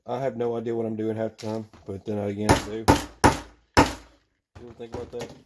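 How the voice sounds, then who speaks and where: A man's voice: on the low side, level tone, fairly quick, heavy background noise. A man in his thirties who rambles casually and chuckles to himself as he works at a bench, talking to viewers. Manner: rambling, chuckling, talks to himself while working. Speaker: channel host making knife gear.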